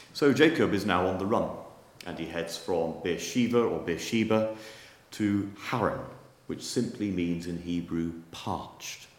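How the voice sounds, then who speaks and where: A man preaching a sermon in a deep, low voice. He tells his stories in a measured, wry way. The voice rings around an echoey church.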